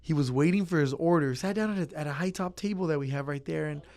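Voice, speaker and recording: Easygoing man, a bit high-voiced. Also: quick pace, darkish tone. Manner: easygoing, acts out customer chats. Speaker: pizza place worker. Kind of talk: casual interview answers.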